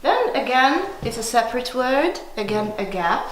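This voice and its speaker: Brief: Russian-accented woman teacher, high and unhurried, sing-song syllable drills; roomy classroom echo. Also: sing-song. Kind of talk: classroom demonstration lesson. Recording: echoey classroom with background noise.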